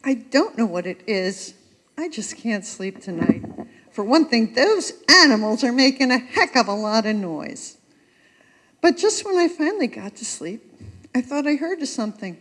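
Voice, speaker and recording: A fretful, sleepless innkeeper played by a woman grumbles in a high, lively voice in an amateur church pageant. The sound carries a long echo through a church sanctuary. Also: normal speed. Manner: fretful, complaining storytelling.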